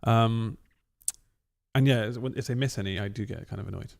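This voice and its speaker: A man's voice: on the low side, a little fast, vocal fry. Rambling, sweary podcast co-host, a man. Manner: rambling, self-interrupting, sweary. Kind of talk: casual chat. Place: home podcast studio.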